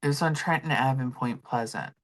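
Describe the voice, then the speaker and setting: A woman's voice: very deep voice, brisk. A woman hosting a live stream, chatting casually and telling stories while reading messages from her chat.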